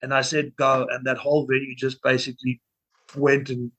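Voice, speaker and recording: A man's voice: medium pitch, little pitch movement, fairly quick, fairly bright tone, husky, low-quality recording. A young man, a band's vocalist, telling stories in a casual interview, full of restarts and fillers. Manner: rambling, many restarts and fillers. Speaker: band vocalist.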